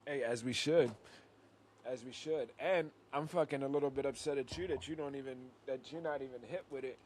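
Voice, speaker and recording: A man co-hosting a casual podcast, loud and profane, mock-outraged and tripping over his words. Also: medium pitch, brisk, slight background noise. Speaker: podcast co-host.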